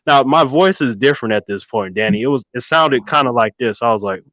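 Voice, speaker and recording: Brief: man in his thirties, cusses, spins a lively story, dull dry lo-fi sound. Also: medium pitch, fairly quick, dry recording. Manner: animated, swearing, keeps addressing his co-host by name. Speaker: podcast co-host. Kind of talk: casual storytelling chat.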